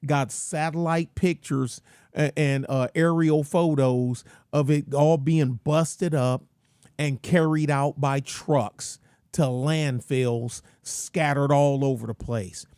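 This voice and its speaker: A man's voice: a little high, steady tone, takes it slowly, darkish tone, smooth, no room sound, studio quality. A man hosting his own channel, ranting in a folksy, rambling, slangy way. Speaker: channel host. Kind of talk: casual rant commentary.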